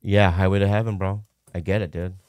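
A man's voice: low voice, flat delivery, a little fast, a little mellow, clear, resonant tone, no room sound. A man from Minnesota in casual conversation, candidly telling a rambling personal story with lots of fillers.

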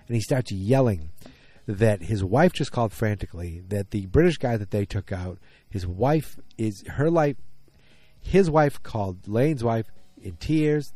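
A man's voice: on the low side, dark tone, no room sound. A man casually recapping a TV episode, rambling with many ums and restarts while retelling scenes and quoting characters. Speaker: TV show recapper.

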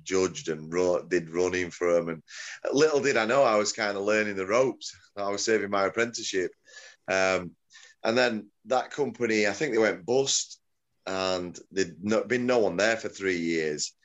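A middle-aged combat-sports promoter chats casually as an interview guest, rambling, correcting himself and chuckling. His voice is fairly low at a moderate pace, and the audio sounds dull.

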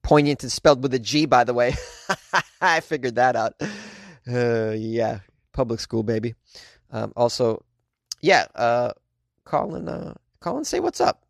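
A man's voice: medium pitch, a little slow, gravelly, long pauses, dry recording, clean studio sound. A man hosting a comedy news podcast, chatting casually with slangy asides and frequent laughs.

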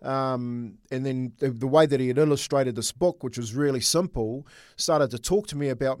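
A man's voice: mid-range voice, moderate pace, hardly any pauses, a little mellow, no echo, clean studio sound. A middle-aged man co-hosting a casual sports chat, telling a personal story earnestly with many restarts. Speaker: co-host.

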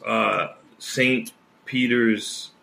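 A man co-hosting a podcast, chatting casually and getting animated as he tells his stories. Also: mid-range voice, very slow, vocal fry, slight background noise. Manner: excited, talks over others. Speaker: podcast co-host. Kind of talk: casual chat. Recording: echoey room.

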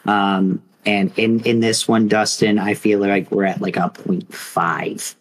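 A man's voice: fairly low pitch, little pitch movement, slow pace, low-quality recording. A man co-hosting a podcast, telling a mock fight in a rambling, casual way full of fillers. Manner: rambling, filler-heavy storytelling. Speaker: podcast co-host.

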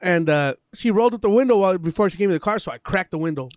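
A man's voice: high-pitched, no room sound, clean studio sound. A man casually telling a long personal story on a podcast, swearing freely and acting out what people said. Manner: fast, profane, animated retelling with acted quotes.

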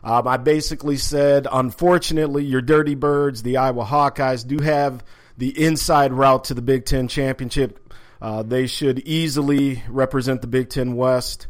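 A man's voice: medium pitch, steady tone, normal speed. Laid-back man hosting a sports podcast. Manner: laid-back, chatty, many fillers and restarts. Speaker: sports talk podcast host. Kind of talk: casual sports talk. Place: home office.

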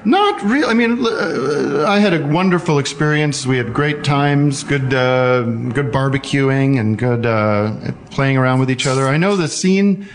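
A man hosts a casual call-in chat, talking in a rambling, halting way full of fillers and restarts. His voice sits at an ordinary middle pitch. A faint hiss sits under the recording. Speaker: host taking listener calls.

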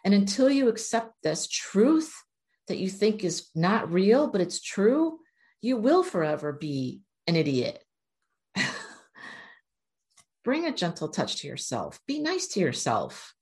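A woman's voice: mid-range voice, big pitch swings, takes it slowly, a little mellow. A woman giving a casual oracle card reading to her viewers, earnest and encouraging, sometimes blunt. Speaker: spiritual oracle card reader.

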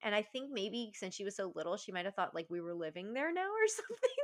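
A woman in her thirties, a podcast guest telling warm, emotional stories in casual chat and laughing often. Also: medium pitch, sing-song, quick pace.

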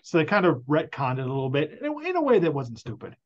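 A man with a fairly high voice joins a casual podcast chat, animated and quick to riff. His audio sounds dull and lo-fi, as if it came over a remote link. He laughs easily as he explains things. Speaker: podcast co-host.

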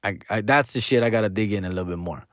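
A man's voice: lowish voice, fast talker, dry recording. Slangy, profane comedian man, dry sound. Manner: profane, slangy, drops in Spanish phrases; loose, rambling, loses his train of thought. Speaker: stand-up comedian. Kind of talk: casual rambling monologue.

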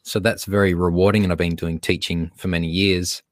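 A man's voice: low voice, little pitch movement, brisk, dry recording, clean studio sound. A man with an Australian accent, a school teacher appearing as a guest on a podcast, talking in a friendly, joking way. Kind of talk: podcast interview.

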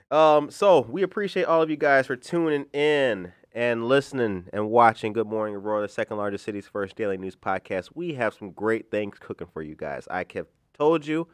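A man, hosting a daily local news podcast in a friendly, relaxed chat. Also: lowish voice, clear, resonant tone, no room sound, studio quality. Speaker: podcast host. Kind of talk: casual chat.

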